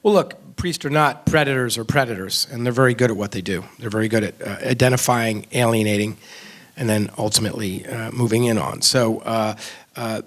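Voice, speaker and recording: A man, a filmmaker, talking earnestly about his film in an onstage conversation, pausing and restarting often. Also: on the low side. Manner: earnest, reflective, frequent restarts and fillers. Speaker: film director discussing his film. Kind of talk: onstage conversation before an audience. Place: stage at a film festival event.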